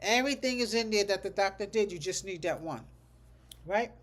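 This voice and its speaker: A medical coding instructor giving a livestreamed class lecture, thinking aloud and ending most sentences with a checking "okay?" while slowly repeating code numbers. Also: medium pitch, expressive, fairly bright tone.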